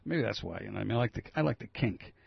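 Gravelly, raspy-voiced man talking radio. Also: lowish voice, expressive, fast, no room sound, highs cut off. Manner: rambling, opinionated, reads news items then riffs. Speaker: local radio host. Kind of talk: casual talk radio commentary.

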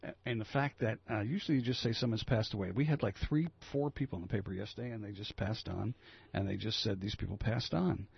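A man's voice: fairly low pitch, fast, gravelly, slightly rough, no echo, highs cut off. A man hosting a talk radio show, reading news items and riffing on them in a rambling, opinionated way. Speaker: local radio host. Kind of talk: casual talk radio commentary.

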